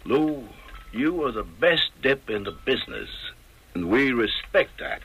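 A sly, pushy mob messenger in an old radio drama. He talks in slangy tough-guy patter with a bright, husky voice. His pitch bounces all over. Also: big pitch swings, unhurried, dull audio, heavily acted. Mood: cocky. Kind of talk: 1970s radio drama acting.

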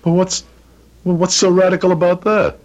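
A man's voice: high-pitched, level tone, moderate pace, a little mellow, dull audio, lightly acted. An actor playing a jovial, chatty businessman husband in his forties. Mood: genial. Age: 40s. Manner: jovial, laughing, nostalgic. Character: genial, chatty 42-year-old businessman husband.

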